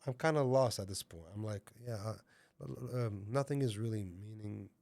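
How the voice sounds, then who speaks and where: A man's voice: on the low side, moderate pace, darkish tone, dry recording. A man who is a podcast guest, sharing a personal testimony and animatedly repeating himself as he tells his story.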